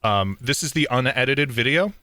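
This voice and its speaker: A man's voice: medium pitch, animated, normal speed, sharp tone, no room sound. A man hosting a casual podcast, joking, teasing his guest and laughing often. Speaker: podcast host.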